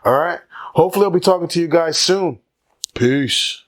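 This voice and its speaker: A man's voice: fairly high pitch, normal speed. Rambling casual male vlogger. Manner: rambling, many fillers, jokey asides. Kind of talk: casual solo commentary to camera.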